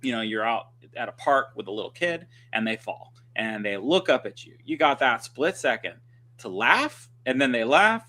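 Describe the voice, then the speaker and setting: Man, dog trainer, livestream chat, animated, mid-pitched voice. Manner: animated storyteller, quick restarts. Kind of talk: casual conversation. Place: livestream video call.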